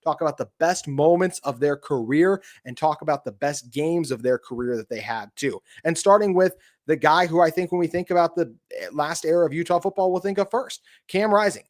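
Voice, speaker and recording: A man with a slightly higher voice hosting a casual sports podcast. He keeps the talk upbeat and chatty and moves it along, setting up segments and handing questions to his co-host. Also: fairly quick, few pauses. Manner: upbeat, chatty, steering the conversation.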